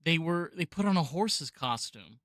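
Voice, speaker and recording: A woman's voice: deep voice, animated, normal speed, no room sound, studio quality. A woman hosting a podcast, chatting casually and with enthusiasm as she recalls something she once watched. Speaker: podcast host. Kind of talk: casual interview chat.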